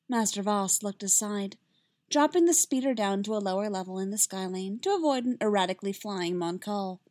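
A woman's voice: mid-range voice, brisk, a little mellow, dry recording. Woman reading a story, dry close sound. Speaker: reader. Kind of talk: reading fan fiction aloud.

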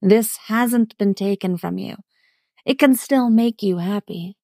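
A woman voicing a shy young man in an audio story, halting and unsure, with a gravelly edge. The sound is dry and close. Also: medium pitch, dark tone, no echo, natural voice. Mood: tentative.

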